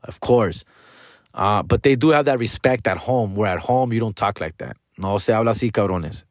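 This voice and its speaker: A man's voice: lowish voice, normal speed, no echo, clean studio sound. A man in his forties hosting a podcast, talking in a casual monologue that is full of profanity and slang and sprinkled with Spanish phrases. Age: 40s. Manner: profane, slangy, frequently addresses listeners as dog and fool. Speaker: podcast host.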